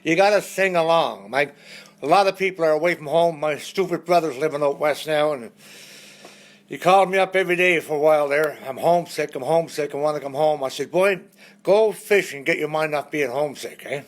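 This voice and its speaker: A man's voice: a little high, brisk. A man, telling folksy jokes and stories between songs on a live stream. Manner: folksy storyteller, lively punchlines. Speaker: entertainer.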